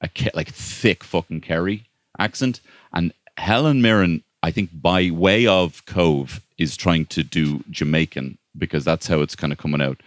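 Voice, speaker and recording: A man's voice: sits low, normal speed, no echo, studio quality. An Irish man co-hosting a comedy podcast, chatting wryly and riffing with playful asides. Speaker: podcast co-host. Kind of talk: comedic casual chat.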